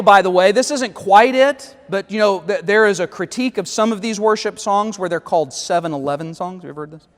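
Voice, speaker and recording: A man's voice: sits high, fairly bright tone, in a large hall. A man leading a church Bible study, reading lyrics aloud and critiquing them with wry, sarcastic asides.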